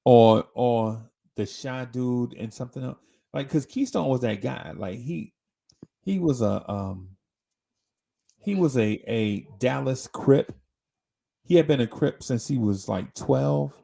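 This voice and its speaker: Man, host, rambling slangy storyteller, gravelly, husky. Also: mid-range voice, expressive, slow pace, dark tone. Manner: rambling, slangy, lots of restarts. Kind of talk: casual storytelling chat.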